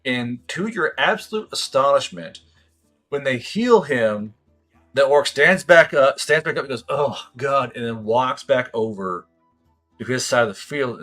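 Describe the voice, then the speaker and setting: A man's voice: medium pitch, a bit bright. Profane male game master narrating. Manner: profane, rambling descriptions with many fillers.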